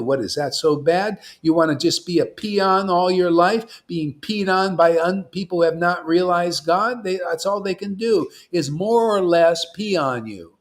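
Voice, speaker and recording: A man's voice: high-pitched, moderate pace, few pauses. A man giving an informal devotional sermon as a spiritual teacher, rambling and emphatic, often acting out what imagined listeners say.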